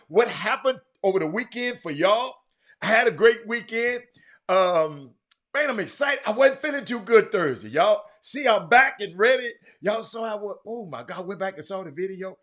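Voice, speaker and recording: A middle-aged man, hosting a live sports talk stream in an animated way, full of fillers and repeats. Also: sits high. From Houston, Texas. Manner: animated, talks straight to the chat, lots of fillers and repeats. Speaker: sports talk show host.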